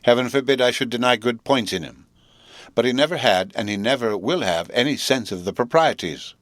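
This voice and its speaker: A man doing a smug, pompous gentleman. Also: medium pitch, expressive, fairly quick, dry recording, natural voice.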